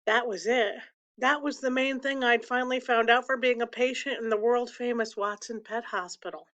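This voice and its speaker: A woman reading a novel aloud to her class, with feeling, slowing and softening on the sad lines. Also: fairly high pitch, steady tone, muffled recording. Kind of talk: expressive read-aloud of a novel.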